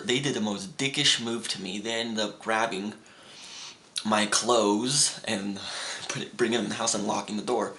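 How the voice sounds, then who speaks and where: A man's voice: medium pitch, bright, forceful tone. A young man telling stories in a casual vlog. He rambles with restarts and acts out his friends' lines in raised voices. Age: young adult. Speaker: vlogger. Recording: roomy echo with faint background hum.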